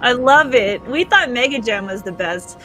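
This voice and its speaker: A woman's voice: a little high, animated, normal speed, pushed and bright, soft background music. Giggly Canadian woman streaming a game. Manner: giggly and chatty. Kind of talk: live gameplay chat, reading viewer comments.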